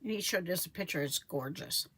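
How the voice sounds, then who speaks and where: On the low side, brisk and slightly rough, this woman's voice carries a rambling live-stream chat about her homestead. The homesteading vlogger keeps correcting herself and gives lively voices to people she quotes.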